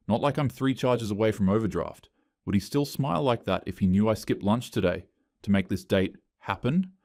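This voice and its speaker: A man's voice: on the low side, darkish tone, no room sound. A man narrating a scripted first-person story in short, dry, clipped phrases.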